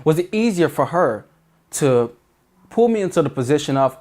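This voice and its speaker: A man's voice: fairly high pitch, very animated, moderate pace, a little mellow. A man giving dating advice in an earnest, emphatic monologue, often restarting sentences. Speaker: dating coach.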